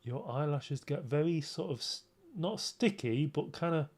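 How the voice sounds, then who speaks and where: A man's voice: fairly high pitch, expressive, measured pace, a little mellow. A man on a casual livestream, chatting his way through a makeup tutorial in a rambling, self-mocking way with many restarts. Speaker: streamer.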